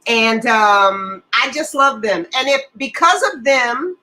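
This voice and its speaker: A bright, high-voiced woman in her seventies hosting a friendly talk show. She talks in a bubbly, affectionate way, her pitch swinging up and down all through. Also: animated, takes it slowly, rough recording. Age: 70s. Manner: bubbly and affectionate, calls people baby. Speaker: co-host. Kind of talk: casual chat.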